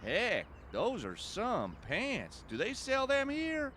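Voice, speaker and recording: A man's voice: medium pitch, big pitch swings, normal speed, a little hiss or hum, natural voice. An actor playing the easygoing, joking male hero of an adventure game. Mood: fake Texan drawl. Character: wry adventurous American man, game hero. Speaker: game protagonist.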